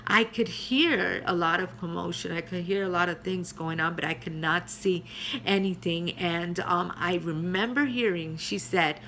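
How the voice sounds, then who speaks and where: Woman pastor, middle-aged, earnest personal testimony, halting with fillers, lowish voice. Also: pushed and bright, a little hiss or hum. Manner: earnest storytelling with many fillers.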